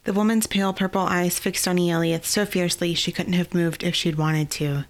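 A woman narrating a fantasy novel in a steady, even storytelling voice. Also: lowish voice, moderate pace. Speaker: audiobook narrator.

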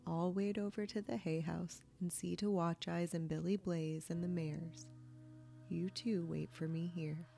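A woman reading the lines of a gruff but kindly old grandfather in a slow, soft folksy drawl. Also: lowish voice, steady tone.

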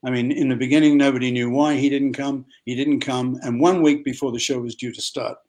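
An older man with an Australian accent, telling a lively anecdote at a convention and acting out the voices of others. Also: medium pitch, brisk. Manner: lively storyteller who acts out other people's voices. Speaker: actor telling a story. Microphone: video call.

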